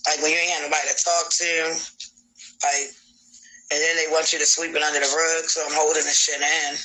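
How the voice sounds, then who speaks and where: A man's voice: on the high side, bright, forceful tone, low-quality recording. Blunt, cursing man. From Baltimore, USA. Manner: blunt, profane, emphatic storytelling. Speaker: guest telling a personal story on a live stream. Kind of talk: candid live-stream testimony.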